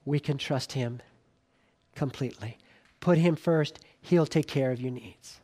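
A man preaching a sermon in an earnest way, rising to emphatic lines and dropping to quiet, soft appeals, with frequent restarts. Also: mid-range voice, measured pace.

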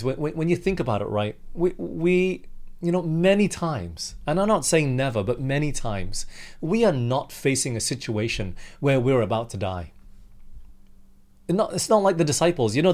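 A male preacher delivers a sermon in a mid-pitched voice, speaking straight to his listeners. He shifts between calm reasoning and sudden, louder outbursts whenever he voices pleading prayers. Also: normal speed. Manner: animated, acts out the disciples' pleas with raised pitch.

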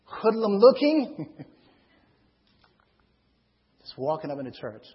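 A man preaching a testimony sermon to a congregation in a church. He tells his story as an animated storyteller who acts out voices and shouts for emphasis. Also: a little high, slow pace, slightly rough, long reverb tail, muffled recording. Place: church before a live congregation.

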